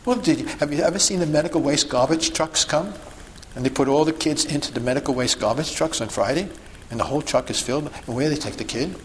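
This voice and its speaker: A man's voice: fairly high pitch, fast talker, a little hiss or hum, low-quality recording. A man giving an instructional talk to a group as a sidewalk counselor, emphatic and full of rhetorical questions and checks like "okay?" and "see?".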